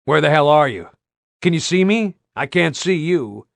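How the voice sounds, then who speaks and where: A man's voice: on the high side, animated, moderate pace, creaky, no room sound, clean studio sound, pitched above the performer's own voice. A man voicing a tense male soldier in combat, talking urgently in a raised voice.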